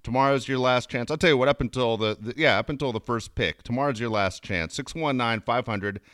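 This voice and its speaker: Relaxed male talk-show co-host. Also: medium pitch, no echo, studio quality. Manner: relaxed, reads phone numbers slowly and plainly. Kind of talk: casual radio banter and plugs.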